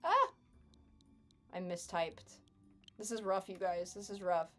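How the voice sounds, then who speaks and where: A woman's voice: medium pitch, animated, slow pace, fairly bright tone, faint music behind. A young adult woman chatting casually with her live stream chat while gaming, sarcastic and chatty.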